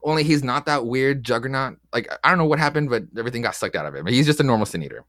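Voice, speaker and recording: His mid-range voice is animated and fairly bright as he races through comic book recaps with his co-hosts. This podcast co-host rambles, swears a lot, and acts out quotes, in clean studio sound without echo.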